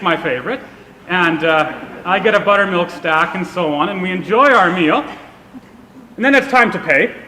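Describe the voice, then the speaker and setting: A man's voice: sits high, pushed and bright. A man giving a public speech at a political event, explaining an idea through a self-deprecating personal story. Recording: long reverb of a hall.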